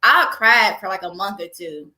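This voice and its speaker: A young woman, a guest, chatting in an interview with an animated storytelling manner. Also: medium pitch, normal speed, roomy sound. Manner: animated storyteller, laughs often. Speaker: guest, entrepreneur. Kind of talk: casual interview chat.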